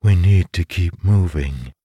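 A man narrating a fantasy audiobook, voicing a scheming, seductive female scholar who talks in soft, smug, coaxing tones. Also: low voice, measured pace, slightly rough, no room sound.

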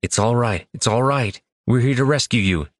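A man's voice: on the low side, normal speed, no echo, studio quality, natural voice. Man voicing a frantic, guilt-torn adventurer. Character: desperate male adventurer, grieving a friend.

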